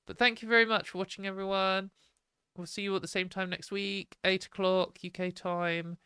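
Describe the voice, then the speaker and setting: A British woman hosting a live stream, talking bluntly and opinionatedly in a casual ranting way, her voice a little hoarse. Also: mid-range voice, level tone, normal speed, sharp tone, no echo, studio quality. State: hoarse from a fading voice.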